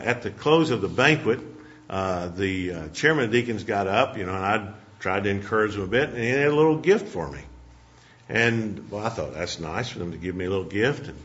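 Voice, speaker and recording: A pastor with a fairly low but fairly bright voice tells a folksy personal story in his sermon and closes in prayer. The sermon recording sounds dull and lo-fi.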